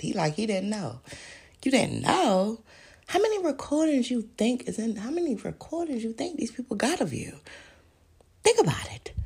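Gravelly, animated woman ranting. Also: mid-range voice. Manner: profane, animated, rhetorical questions. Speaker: podcast host. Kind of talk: heated monologue rant.

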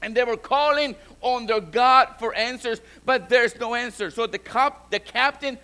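Man, pastor, sermon, high voice, bright tone, repeats words, emphatic. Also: moderate pace, clean tone. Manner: repeats and restarts words, builds to emphatic exhortation. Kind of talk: bilingual sermon.

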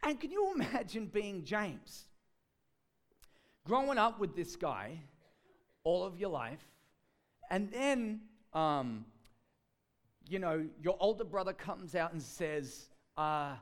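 A man's voice: high-pitched, animated, slow, pauses often. A man preaching a sermon in a chatty storytelling way, with many fillers and restarts.

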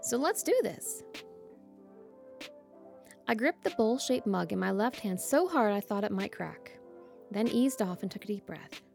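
A woman's voice: mid-range voice, animated, measured pace, creaky, long pauses, a little mellow, faint music behind. A woman hosting a podcast, bubbly and eager, reading a novel aloud. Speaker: podcast host and reader.

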